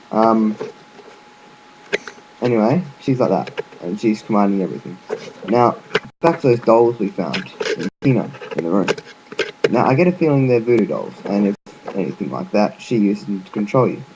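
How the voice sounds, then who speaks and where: Casual male gamer narrator with a fairly low voice, chatty and loose, stumbling through his explanation. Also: animated, normal speed, pauses often, dull audio, noisy background. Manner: loose and chatty, with frequent fillers and restarts; offhand, with occasional swearing. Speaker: gaming video narrator.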